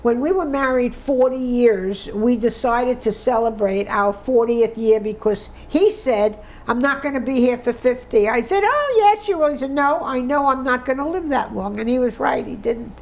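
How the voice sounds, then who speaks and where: A woman's voice: fairly high pitch, moderate pace, few pauses, poor audio. A woman in her nineties giving an oral history interview, emotional and tearful, reminiscing with restarts. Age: 90s. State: crying.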